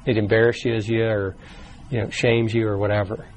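A man's voice: on the low side, flat delivery, normal speed, soft background music, rough recording. A man leading a church small group class in a casual, talky way, often restarting words and briefly acting out quoted voices, recorded in a room with the group. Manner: acts out quoted voices in short bursts. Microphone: taped from the room.

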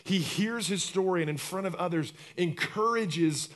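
Man, pastor, sermon, slightly high voice, acts out quotes, loud to hushed swings. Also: moderate pace.

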